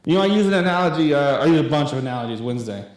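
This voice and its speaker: A young youth pastor in his late twenties preaches a sermon in a church hall, speaking loosely and conversationally with plenty of fillers. His voice is fairly high, animated and very fast. The room is very echoey.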